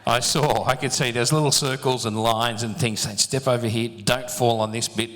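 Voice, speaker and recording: Hosting a live event in a large function hall, this master of ceremonies jokes and chats with the audience and performers over a handheld mic. His mid-range voice is fairly bright and steady, at a moderate pace. Long hall reverb and a faint crowd fill the recording.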